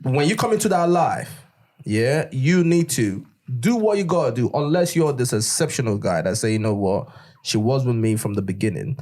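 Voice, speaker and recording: A man's voice: mid-range voice, animated, moderate pace, a little mellow. A young man, talking emphatically in casual chat and checking that his listener follows.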